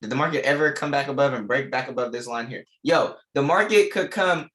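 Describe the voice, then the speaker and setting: A man's voice: medium pitch, a little fast, fairly bright tone. A young man teaching a live online trading class, repeating key lines with emphasis and casual slang. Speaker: trading instructor.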